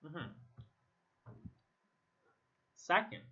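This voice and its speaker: A man from Egypt, a native Arabic speaker, teaching English pronunciation. He repeats single words slowly to contrast vowel sounds. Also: on the high side, sing-song, bright, forceful tone. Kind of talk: slow drilling of vowel sounds, repeat-after-me. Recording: slightly dull lo-fi sound.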